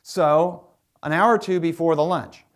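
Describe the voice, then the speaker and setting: A man's voice: a little high, measured pace. A man who is a historian and biographer, giving a public lecture as a chatty storyteller with plenty of asides.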